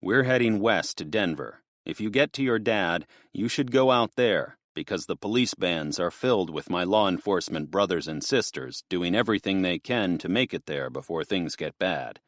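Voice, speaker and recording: A man doing a blunt, gruff cop. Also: sits low, animated, normal speed, few pauses, a bit bright, dry recording, studio quality. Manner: blunt, matter-of-fact. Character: large gruff middle-aged police officer.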